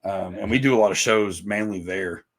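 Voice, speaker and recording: Speaking at normal speed in a lowish voice, with background noise behind him, a musician guest chats casually on a podcast. He's rambling, profane and self-mocking.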